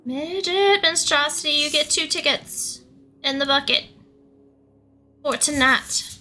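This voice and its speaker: A woman's voice: high-pitched, fairly even intonation, unhurried, pushed and bright. A young woman chatting casually on a live stream, giggling often and thanking her viewers one by one. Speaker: livestreamer.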